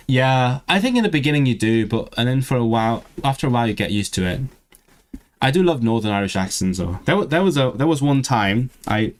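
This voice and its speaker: A young man with a voice of ordinary, middle pitch, chatting casually on a livestream as he works through a language course. He talks in loose, rambling bursts, often breaking off mid-word to restart, and reads lesson sentences aloud along the way. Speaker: streamer studying a language.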